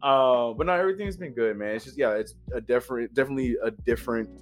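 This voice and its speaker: A man talks in a quick, tumbling rush, restarting his sentences as he chats. His pitch sits in an ordinary middle range. Soft music plays faintly behind the conversation. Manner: fast-talking, restarts while explaining. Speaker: podcast co-host. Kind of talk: casual chat.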